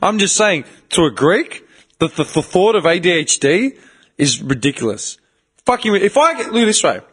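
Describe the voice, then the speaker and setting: A young man hosting a podcast, talking in a casual, animated, swearing way and mimicking other people in quoted voices. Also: high voice, normal speed, husky. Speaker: podcast host.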